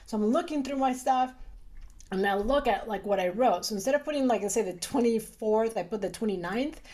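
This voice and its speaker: A woman's voice: mid-range voice, fast, dark tone. A middle-aged woman, a doctor, chatting casually and animatedly with many fillers. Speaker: urologist, guest. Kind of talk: casual conversation.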